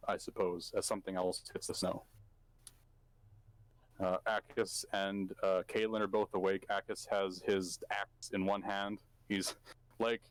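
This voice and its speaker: A man's voice: fairly low pitch, no room sound. A man narrating as game master for a tabletop game, hesitant and full of fillers.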